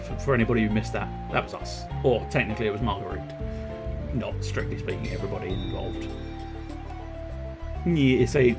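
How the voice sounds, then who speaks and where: A man's voice: fairly low pitch, moderate pace. A man giving casual, joking commentary over a game, often laughing and reading the dialogue aloud. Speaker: game let's-play commentator. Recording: game music behind.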